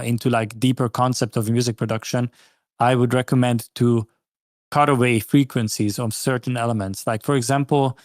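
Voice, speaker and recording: A man talks through a listener's track in a patient, advising way, full of "you know" and small restarts. His voice sits at an ordinary middle pitch. It is recorded close and dry, with no room sound. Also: a little mellow, no room sound. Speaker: guest track reviewer. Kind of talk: casual spoken feedback on a music track.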